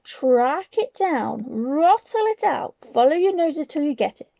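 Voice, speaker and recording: A woman reading aloud and voicing a commanding evil witch leader who barks orders slowly. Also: sits high, sing-song, vocal fry, warm tone, dry recording, lo-fi sound, pitched above the performer's own voice, heavily acted. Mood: ferocious. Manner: imperious, barking orders slowly.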